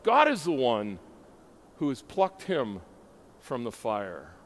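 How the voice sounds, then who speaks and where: Animated male preacher in a hall. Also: medium pitch, slow pace. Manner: emphatic, questioning the congregation. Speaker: pastor. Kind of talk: sermon. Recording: hall reverb.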